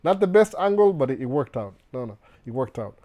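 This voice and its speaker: A man's voice: medium pitch, big pitch swings, a little fast, dark tone. A man from Kenya with a Kenyan accent and a slight American touch, hosting a live Q&A, reading viewer questions aloud and giving casual advice, often restarting his words. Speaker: host answering viewer questions. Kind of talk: live Q&A chat.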